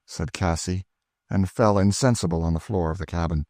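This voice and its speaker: Male audiobook narrator, steady and measured, low voice, dry close sound. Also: dry recording. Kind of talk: scripted narration.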